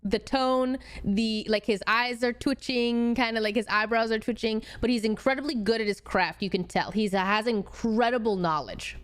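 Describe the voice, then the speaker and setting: A woman's voice: a little high, normal speed, hardly any pauses, clear, resonant tone. A woman in her twenties from Washington state, a streamer casually telling a story in a chatty, rambling way. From Washington state, USA. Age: 20s. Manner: chatty, rambling, full of fillers and restarts.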